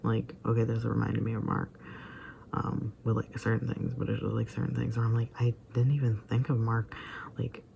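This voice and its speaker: A man talks through his reactions in a loose, rambling vlog style, stacking up fillers and slipping into near-whispered asides. His voice has a gravelly edge and a dark, mellow tone. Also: mid-range voice, monotone, moderate pace, highs cut off, a little hiss or hum. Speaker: vlogger reacting to a video. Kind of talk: casual rambling commentary.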